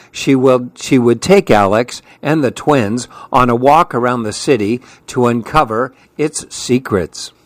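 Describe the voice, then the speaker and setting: A man hosting a radio children's story hour, reading picture books aloud in a gentle, friendly manner. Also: mid-range voice, no echo.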